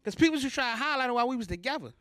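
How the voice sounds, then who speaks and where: A man's voice: extremely high pitch, animated, very fast, sharp tone, no echo, studio quality. A stand-up comic from Baltimore works the stage with a loose, chatty, self-mocking delivery. His voice sits well above most men's. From Baltimore, USA. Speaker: stand-up comedian. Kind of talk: stand-up comedy set. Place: comedy show stage before a live audience.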